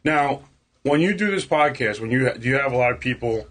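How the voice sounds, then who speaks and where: A man's voice: mid-range voice, animated, a little fast, fairly bright tone. A man with a Queens accent chatting casually in a tattoo shop, rambling with stammers and restarts. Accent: Queens, New York. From Queens, New York. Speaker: podcast host as guest. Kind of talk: casual chat. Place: tattoo shop after hours.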